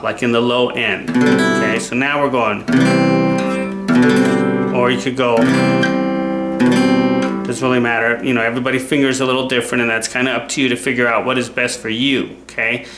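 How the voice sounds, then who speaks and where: A man's voice: mid-range voice, normal speed, pauses often. A man giving a casual guitar lesson, who keeps checking in with the viewer by asking "okay?". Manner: relaxed, repeats "okay?" to check in. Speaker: guitar teacher. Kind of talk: casual instructional talk. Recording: roomy sound with loud guitar playing. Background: guitar playing.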